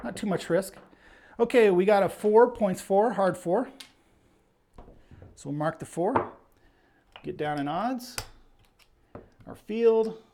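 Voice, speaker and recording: There's slight background noise as a warm, high-pitched man hosts his casual stream. He takes it slow with long pauses, calling the action and chatting while a bit out of breath, and he reads viewers' names aloud.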